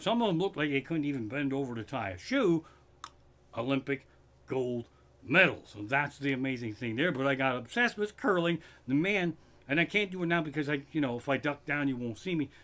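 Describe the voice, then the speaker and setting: A man's voice: mid-range voice, a bit bright. A man doing profane, worked-up stand-up comedy, streamed live from his living room, with a Pennsylvania accent.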